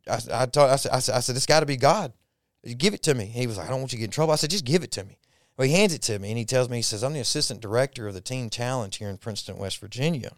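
A man's voice: mid-range voice, animated, very fast, dry recording, clean studio sound. A man telling a personal faith story in a folksy, repetitive way on a podcast. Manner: folksy Southern-style storytelling, repeats himself when moved. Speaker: podcast guest.

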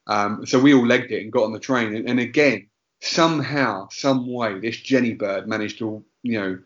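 Bloke rambling thru a funny story, swears a lot, keeps cutting himself off, mid pitch, bit muffled lo-fi sound. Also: male voice, moderate pace. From England, Essex. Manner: rambling, sweary, self-interrupting. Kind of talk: casual comedic storytelling.

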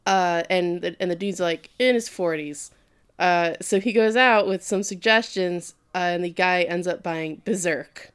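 A woman's voice: on the low side, unhurried, clean tone. A woman co-hosting a casual podcast, recapping an anime and acting out the characters' lines. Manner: animated, acts out quoted lines. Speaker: podcast co-host.

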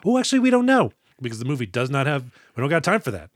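A man co-hosting a movie podcast, talking in a chatty, easy way with frequent laughs as he mimics lines from the film. His voice sits at a middle pitch and sounds close and dry on the mic. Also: sing-song, rapid-fire, no room sound. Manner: chatty, laughs often, acts out characters' lines. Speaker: podcast co-host. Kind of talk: casual movie podcast chat.

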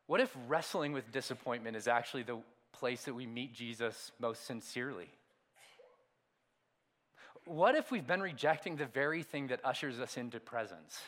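A pastor preaching a sermon, swinging from hushed, intimate lines to loud emphatic ones and asking the congregation rhetorical questions. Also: male voice, mid-range voice, lively intonation, moderate pace.

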